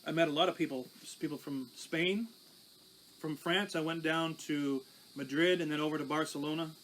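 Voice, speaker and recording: A man's voice: fairly high pitch, steady tone, normal speed, fairly bright tone, a little hiss or hum, low-quality recording. A pastor telling his life testimony in a conversational, storytelling way. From Canada. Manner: conversational, recounting with small restarts.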